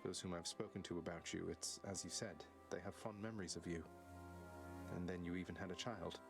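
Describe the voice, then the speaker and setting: Earnest young underworld prince. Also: male voice, low-pitched, steady tone, fairly quick, over music. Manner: earnest, searching. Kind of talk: video game voice acting.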